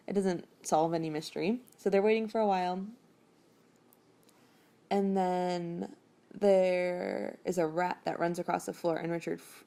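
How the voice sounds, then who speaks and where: A woman with a low, gravelly voice and a mellow, dark tone talks through a book chapter. She rambles and chats in a loose way, dropping fillers and the odd swear word. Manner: rambling, chatty, swears casually, many fillers. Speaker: podcast host recapping a novel. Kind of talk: casual chapter recap.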